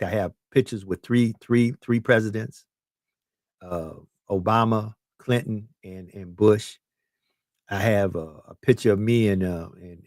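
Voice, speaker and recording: A man's voice: on the low side, dry recording, clean studio sound. A man in his fifties hosting a podcast conversation, talking in an emphatic, preachy way and often repeating his words. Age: 50s. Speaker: podcast host. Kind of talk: casual chat.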